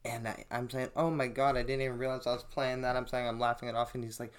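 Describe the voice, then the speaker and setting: A man's voice: mid-range voice, fast talker, clear, resonant tone. Young male podcast host, casual and profane storyteller. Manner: profane, animated storytelling, acts out quotes.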